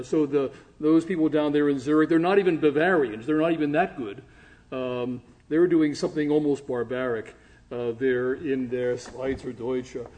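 Guy lecturing on church history, bit higher voice, jokey and rambling. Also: a little mellow. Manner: chatty, humorous, with fillers and asides. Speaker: guest lecturer.

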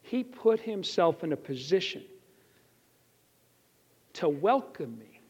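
High-voiced man preaching in an echoey chapel. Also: big pitch swings, slow, darkish tone, husky. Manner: storytelling, earnest, rhetorical questions to listeners. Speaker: chapel speaker. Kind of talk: sermon with personal story. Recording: echoey hall, slightly dull.

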